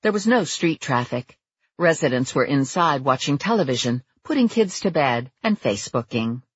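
Woman reading a first person audiobook, husky voice, lots of pitch swing, dull dry lo-fi recording. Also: lively intonation, moderate pace, no echo. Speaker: audiobook narrator.

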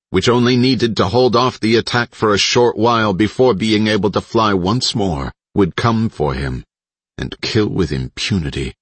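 A man reading an audiobook in a steady, dramatic narrating style on a close mic. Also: low-pitched, slightly rough, no room sound. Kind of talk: scripted narration.

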